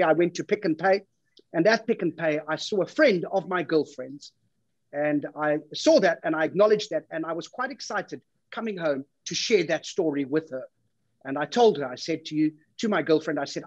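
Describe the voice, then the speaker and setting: A South African man hosting an awards gala with a deadpan, self-mocking stand-up routine that keeps building into exasperation. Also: fairly high pitch, slightly rough, no room sound, muffled recording. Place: home studio for a virtual event.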